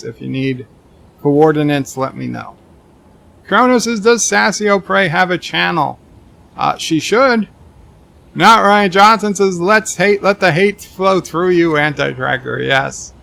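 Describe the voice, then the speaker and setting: A male game streamer reads his viewers' comments aloud and answers with deadpan jokes. His voice sits fairly high and bright, with a sharp edge over a gravelly rasp. He drifts into rambling asides full of restarts. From Texas. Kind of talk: live-stream chat reading while gaming.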